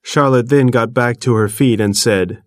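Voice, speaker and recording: A man reading an audiobook in the first person, measured and earnest, recorded close to the mic. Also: mid-range voice, no room sound. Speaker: audiobook narrator. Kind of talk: first-person scripted narration.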